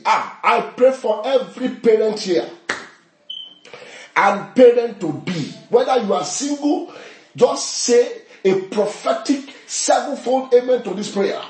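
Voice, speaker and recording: A man leading a fervent prayer session in church, shouting repeated declarations and breaking into tongues. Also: very high-pitched, expressive, unhurried, a little hiss or hum. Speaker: pastor. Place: church service. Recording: roomy echoey hall.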